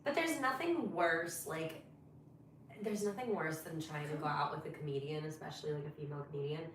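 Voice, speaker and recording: A woman comedian co-hosting a casual podcast chat, jumping in with quick comments. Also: sits low, far from the mic, a little hiss or hum. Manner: reacts with laughs and quick comments. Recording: echoey room, voice from off mic.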